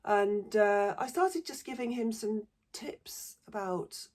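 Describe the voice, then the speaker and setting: Slow and darkish in tone, this woman's medium-pitched voice carries a southern English accent. She's a middle-aged ex-secondary teacher from southern England, giving a casual, blunt monologue full of swearing.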